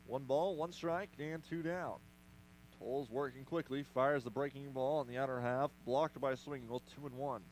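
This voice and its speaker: A man doing play-by-play commentary for a baseball radio broadcast, brisk with playful asides. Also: mid-range voice, steady tone, slight background noise, low-quality recording. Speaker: play-by-play announcer.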